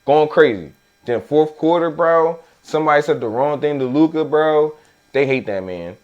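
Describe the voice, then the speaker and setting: A man co-hosting a casual sports podcast, telling game stories in animated slang and repeating his catchphrases, with a Philadelphia accent. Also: fairly high pitch, normal speed, dull audio. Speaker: podcast co-host.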